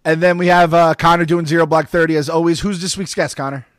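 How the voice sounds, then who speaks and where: Podcast host, man, slightly high voice, dry close sound, loose and profane. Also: fairly even intonation, clear, resonant tone, no echo. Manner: loose, profane and joking, with quick asides. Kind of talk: casual podcast chat.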